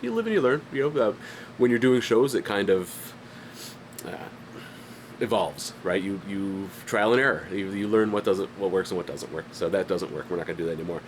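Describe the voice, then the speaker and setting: A man's voice: deep voice, moderate pace, a little hiss or hum. A man giving a casual, rambling vlog update about his art business, stuffy-headed with a light cough and lots of fillers. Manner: rambling, self-deprecating, frequent fillers and restarts. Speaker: independent artist and channel host. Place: home studio.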